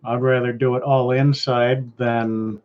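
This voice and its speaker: Canadian male host, unhurried and rambling, mid-pitched voice, muffled lo-fi recording. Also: level tone. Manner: rambling, laid-back, trails off and restarts. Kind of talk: casual live-stream chat. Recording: dull lo-fi stream audio.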